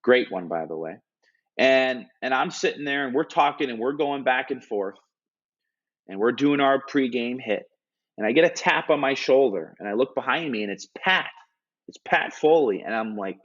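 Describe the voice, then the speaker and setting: A hockey analyst in an interview, retelling a story earnestly and animatedly, with frequent restarts and filler words. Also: male voice, medium pitch, animated, moderate pace. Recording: dull lo-fi audio.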